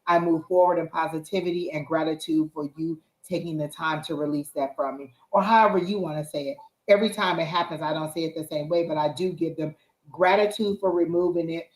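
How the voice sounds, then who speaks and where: A woman's voice: low-pitched, fairly even intonation, fairly quick. Earnest woman tarot reader in a roomy space. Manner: earnest and repetitive, coaching tone. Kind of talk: casual spiritual advice during a live reading.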